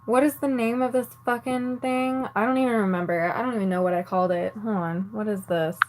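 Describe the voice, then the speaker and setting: A woman's voice: mid-range voice, steady tone, fairly quick, background noise. A woman vlogger ranting casually to the camera while doing her makeup, angry and exasperated, swearing often and filling her talk with "like". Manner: exasperated, swears a lot, filler-heavy. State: angry and annoyed.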